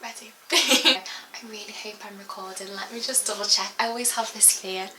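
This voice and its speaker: A young woman chatting casually through a haul video, rambling and filling pauses as she goes. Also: medium pitch, noisy background. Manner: chatty and rambling, full of giggles and fillers. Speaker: beauty vlogger. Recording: echoey room.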